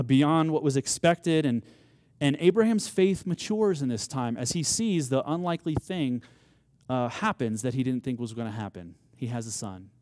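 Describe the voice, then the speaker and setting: A man's voice: medium pitch, a little mellow, no echo. A man preaching a sermon, telling a story with rising emphasis and acted-out quotes. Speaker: pastor.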